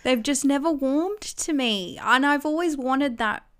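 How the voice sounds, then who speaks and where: A woman's voice: high-pitched, unhurried, fairly bright tone. A woman co-hosting a podcast, chatting casually with wry, teasing banter. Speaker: podcast co-host. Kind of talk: casual chat.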